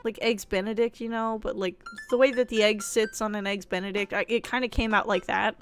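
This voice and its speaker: A woman's voice: medium pitch, steady tone, a little fast. A young woman streamer chatting casually, rambling and laughing easily while she plays a game. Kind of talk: casual chat and reading a game aloud.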